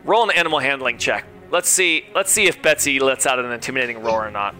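A man's voice: medium pitch, quick pace, sharp tone, faint music behind. A man running a tabletop game as game master, easygoing as he narrates and calls for rolls.

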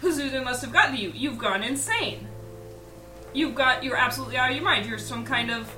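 A woman's voice: sits high, fairly quick, sharp tone, far from the mic, faint music behind. A woman playing a furious, heartbroken young woman in a tabletop game, speaking in accusing, emphatic lines. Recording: roomy echo.

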